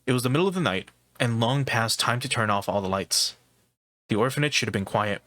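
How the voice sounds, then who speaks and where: A man streaming a game, reading visual novel text aloud in steady first-person narration with small stumbles. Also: medium pitch, brisk, dry recording, poor audio. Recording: game music in background. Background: game music.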